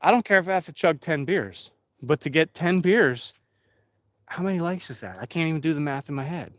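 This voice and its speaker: A man's voice: a little high, animated, a little fast, no room sound. Chatty man live-streaming. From Pennsylvania. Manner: rambling, chatty, talks straight to the chat. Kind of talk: casual live-stream chat.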